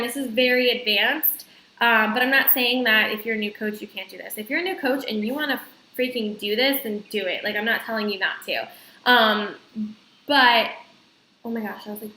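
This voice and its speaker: Bright, chatty woman in an echoey room. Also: fairly high pitch. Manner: chatty, filler-heavy, talks straight to viewers. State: slightly out of breath. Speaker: vlogger. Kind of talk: casual screen-share tutorial.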